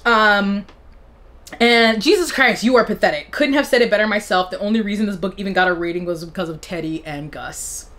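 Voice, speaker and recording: A woman's voice: mid-range voice, brisk. A young woman book vlogger reading out bad reviews and reacting with sarcastic, laughing commentary. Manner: sarcastic, animated, laughs between lines.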